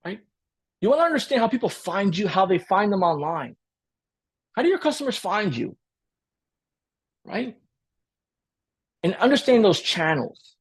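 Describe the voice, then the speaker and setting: Lively, husky-voiced man coaching a webinar. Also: sits high. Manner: energetic, repeats points, asks "right?" often; acts out client dialogue in quick role-play. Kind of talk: live training webinar.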